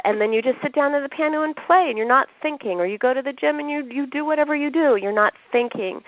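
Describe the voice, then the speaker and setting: A woman's voice: medium pitch, no room sound. A woman who is a doctor and author, explaining ideas as a podcast guest, acting out what people say. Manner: warm, explanatory, acts out quoted speech with laughs. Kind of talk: advice in a podcast interview. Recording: dull lo-fi sound.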